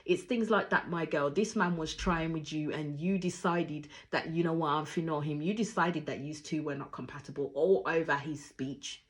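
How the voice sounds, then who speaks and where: A woman's voice: normal speed, hardly any pauses. Opinionated woman, tinged. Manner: opinionated, acts out quotes with big jumps in pitch and volume. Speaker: reality show reviewer. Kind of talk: casual reaction commentary.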